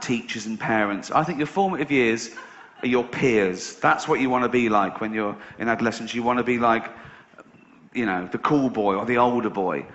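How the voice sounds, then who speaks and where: An Englishman with a mid-range, slightly bright voice performs stand-up on a large theatre stage before a live audience, telling stories, doing other people's voices and bursting into laughter. The live concert recording sounds roomy and muffled, with audience laughter in the background.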